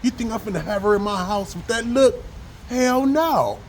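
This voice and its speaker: Profane man preaching in a high, lively voice. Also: moderate pace, a little hiss or hum, poor audio. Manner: profane, preachy and rambling, with slang. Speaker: vlogger preaching on scripture. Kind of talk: casual religious rant with scripture reading.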